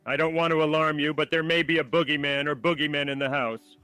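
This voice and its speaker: A text-to-speech voice clone of a man, a synthetic copy of a bumbling cartoon dad, talking in a quick, chirpy way. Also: a little high, fairly even intonation, pushed and bright, clean tone, dry recording, faint music behind. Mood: mock warning.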